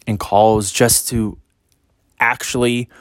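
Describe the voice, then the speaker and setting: A man's voice: medium pitch, steady tone, slow, no room sound. A man speaking as a spiritual reader in a casual monologue, blunt and emphatic, cursing freely.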